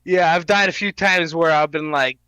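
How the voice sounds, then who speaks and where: A man's voice: on the high side, normal speed, clean tone, no room sound, low-quality recording. A man co-hosting a podcast, telling jokey gaming stories in casual banter. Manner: animated, jokey storytelling. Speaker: podcast co-host.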